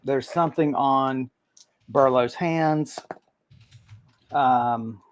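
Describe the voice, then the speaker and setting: A man narrating a tabletop game as game master, halting and full of ums. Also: mid-range voice, slight background noise.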